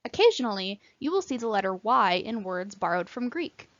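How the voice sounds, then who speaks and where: A woman teaching Latin pronunciation in scripted narration, clearly and carefully sounding out example words. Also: medium pitch, big pitch swings, fairly quick, no echo, highs cut off.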